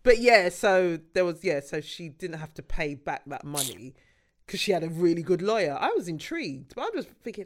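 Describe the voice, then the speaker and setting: A woman's voice: fairly low pitch, very animated, normal speed. A woman co-hosting a casual chat, laughing often and trailing off mid-sentence.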